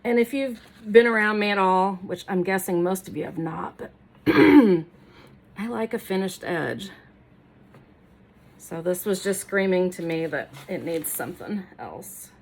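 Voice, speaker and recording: A woman's voice: fairly low pitch, animated, measured pace. Chatty woman narrating a DIY makeover. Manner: chatty, self-deprecating, talks while working. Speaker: furniture makeover creator. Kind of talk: casual DIY tutorial chat. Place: home workroom, indoors.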